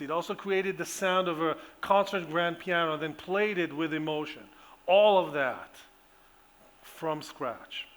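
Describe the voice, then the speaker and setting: A man's voice: fairly high pitch, unhurried, music in the background. A man, an engineering professor, giving a conference keynote on stage, explaining eagerly with frequent restarts and fillers.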